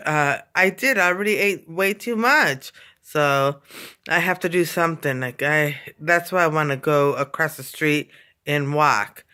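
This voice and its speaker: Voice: mid-range voice, bright, forceful tone, smooth. A vlogger chatting casually from a home basement, rambling and repeating itself with lots of fillers and frequent yawns. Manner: yawning often. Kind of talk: casual rambling vlog chat.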